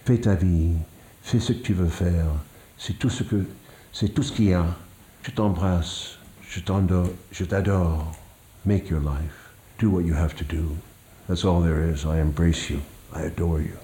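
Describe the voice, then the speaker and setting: A man reading as a gentle dead French woman. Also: sits low, fairly even intonation, moderate pace, roomy sound. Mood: loving. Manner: soft, tender, consoling.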